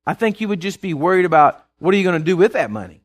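Male preacher, slightly high voice, stammering repeats, asks the room if they follow. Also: big pitch swings, rapid-fire. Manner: keeps asking the congregation if they follow; repeats words when restarting. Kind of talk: sermon.

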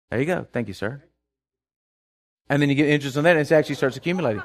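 A man's voice: fairly high pitch, expressive, rapid-fire, soft background music. A man preaching a sermon, often asking if his listeners follow and repeating words as he restarts. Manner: keeps asking the congregation if they follow; acts out worried people in a hushed voice.

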